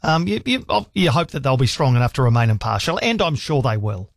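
A man with a New Zealand accent hosts a talkback radio show, chatting casually with callers and reading out listener emails. His mid-range voice is very animated and brisk, and the dry studio sound carries faint music.

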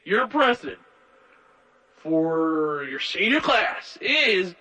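A woman voicing a pompous, chatty male high school principal who draws out his intercom announcements in a singsong way. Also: big pitch swings, sharp tone, full character voice. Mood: drawn-out. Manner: drawn-out singsong intercom announcing, dragging out the suspense.

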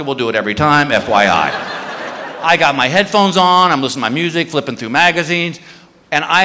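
A male stand-up comic telling a story on stage, his voice high, bright and full of swoops as he jumps between characters. A long hall reverb trails his lines in a live room. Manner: animated, acts out dialogue in shifting voices. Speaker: stand-up comedian. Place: comedy stage with live audience.

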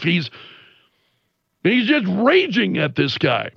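A man giving casual news commentary in an animated way, retelling quotes with the swearing bleeped out by voice. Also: sits high, takes it slowly, creaky, long pauses, husky, no room sound, lo-fi sound.

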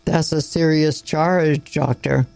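A man reading the lines of an older grandfather on the school board, who speaks low, calm and even. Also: unhurried, no room sound.

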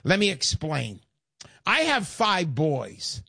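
A man's voice: on the high side, wildly swooping pitch, slow, vocal fry, bright, forceful tone, a little hiss or hum. An older man hosting a call-in radio show, chatty and folksy, getting emotional as he talks.

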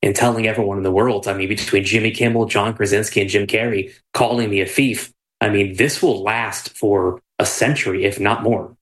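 A man's voice: on the low side, steady tone, a little fast, hardly any pauses, fairly bright tone. A man speaking earnestly as a guest in a talk show interview. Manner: earnest, laughs easily.

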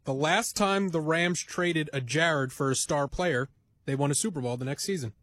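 A man on a sports talk show telling jokey stories in a deliberate way. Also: on the high side, fairly bright tone, no room sound.

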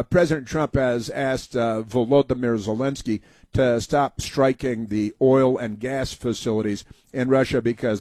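A man's voice: mid-range voice, a little mellow, slightly rough, no room sound. A man hosting a talk radio show, delivering sarcastic, mocking commentary full of "uh" fillers.

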